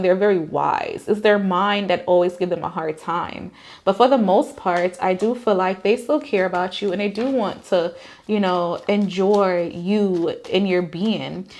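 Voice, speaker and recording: A woman's voice: medium pitch, a little mellow. A woman giving a casual tarot card reading, talking in a reassuring, conversational way with many fillers. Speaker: tarot reader.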